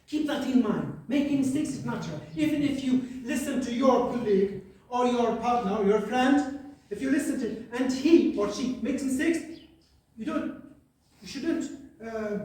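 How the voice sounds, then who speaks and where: In an echoey classroom, recorded from a distance, a male English teacher from Algeria delivers a lesson. He has a very high-pitched, darkish voice. He stumbles along with many fillers and keeps asking "right?".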